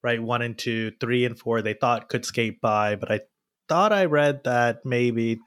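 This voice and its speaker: A man's voice: mid-range voice, measured pace, a bit bright, smooth. Man co-hosting a casual tech chat.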